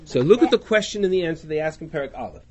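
A man's voice: a little high, rapid-fire. A man leading a class on a religious text, reading the original phrases aloud and then translating and questioning them. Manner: animated, reads Hebrew and Aramaic then translates. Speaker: Talmud class teacher.

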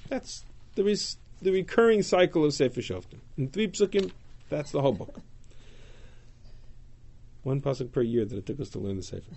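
A man teaching a text-study class, reading Hebrew verses aloud and paraphrasing them in an animated way. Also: mid-range voice, normal speed, vocal fry, long pauses, husky. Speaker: Torah teacher.

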